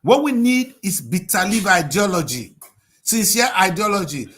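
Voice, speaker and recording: A man's voice: sits high, big pitch swings, moderate pace, a bit bright. A man giving impassioned political commentary on a TV review show, scolding and firing off rhetorical questions.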